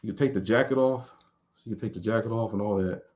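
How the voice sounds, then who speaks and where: A man in his late thirties chats loosely with his viewers. His voice sits a bit low, and he wanders and repeats words as he thinks. The recording sounds dull and lo-fi. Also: quick pace. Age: 30s. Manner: relaxed, rambling, repeats words while thinking. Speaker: streamer answering viewer questions. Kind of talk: casual chat.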